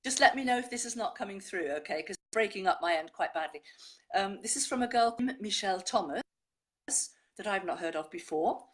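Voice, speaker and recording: A woman presenting a show, chatting and reading listeners' poems aloud in a measured way. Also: medium pitch, animated.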